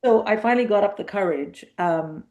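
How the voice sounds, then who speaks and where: A middle-aged woman comedian chatting as a guest in a casual interview, telling lively anecdotes and acting out quoted dialogue. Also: medium pitch, fairly quick, highs cut off.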